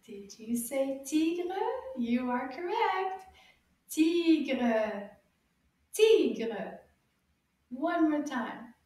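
A high-voiced woman leads a children's language lesson in an unhurried, encouraging way, stretching out sounds for little ones to copy. Her tone is mellow rather than bright. She sounds far from the mic in a very echoey room. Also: animated. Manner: slow, cheerful and encouraging, exaggerated sounds for repetition. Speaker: French teacher for children.

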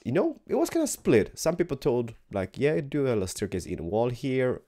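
Young male gaming host, tired morning voice, warm low-key tone, chatty and rambling with wide pitch swings. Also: brisk, creaky. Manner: rambling, animated, repeats words, drops into whispers. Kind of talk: casual gameplay commentary.

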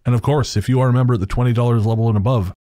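A man co-hosting a podcast in casual banter, jokey and quick to laugh. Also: medium pitch, steady tone, warm tone, no room sound, clean studio sound. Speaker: podcast co-host.

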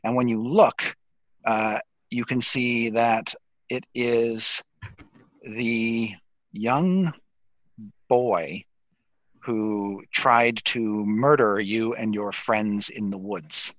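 A man's voice: medium pitch, extremely slow, pauses often, fairly bright tone, no echo, low-quality recording. A man narrating as dungeon master in a tabletop game, describing scenes in a rambling way with many fillers.

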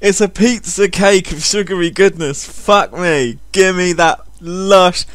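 A man's voice: sits high, a little slow, dry recording. A man doing sarcastic comedic commentary on a video, swearing heavily. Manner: sarcastic, heavy swearing, animated.

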